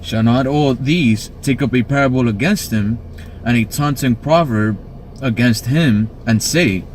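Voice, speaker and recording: A man reads scripture aloud at a slow, deliberate pace and a middle pitch. Every phrase is spaced out with care, and faint noise sits behind him. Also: poor audio. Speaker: scripture reader.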